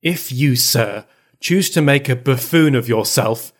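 A young prince shaking with anger, as a man puts him on, each word slow and strained with tears. He speaks in a stiff, formal way. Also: medium pitch, natural voice. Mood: sharp, trembling.

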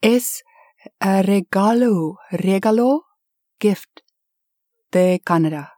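A woman voicing an excitable, gushing middle-aged woman tourist who talks in a high, eager rush. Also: slow pace, no room sound, studio quality. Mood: excited.

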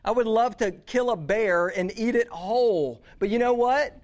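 A man's voice: high voice, normal speed, close to an everyday voice. A preacher voicing a resolute man refusing temptation, firm and emphatic.

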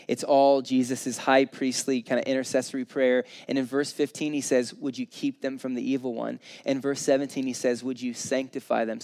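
A man's voice: medium pitch, dark tone. A man in his thirties preaching an informal, earnest sermon, counting through his points and acting out quotes in a conversational way. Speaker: pastor.

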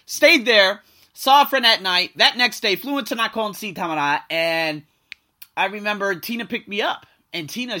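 Guy with a high bright voice telling a story, acts out everyone he quotes, gets loud then drops low. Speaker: vlogger telling a personal story. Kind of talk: casual storytelling.

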